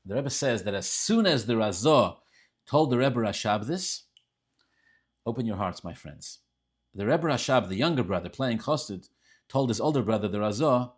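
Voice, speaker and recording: A man with an Ashkenazi yeshiva-style accent teaching a Tanya class, telling stories and swinging between soft asides and loud, emphatic stretches. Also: mid-range voice, lively intonation, moderate pace, breathy edge. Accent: Orthodox Jewish English with Ashkenazi Hebrew and Yiddish terms. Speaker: Torah teacher.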